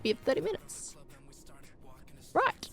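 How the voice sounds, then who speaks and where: A woman's voice: on the high side, animated, moderate pace, vocal fry, a bit bright, soft background music. A young adult woman streaming a game, chatting in a rambling, giggly way as she plays. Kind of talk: rambling live gameplay chat.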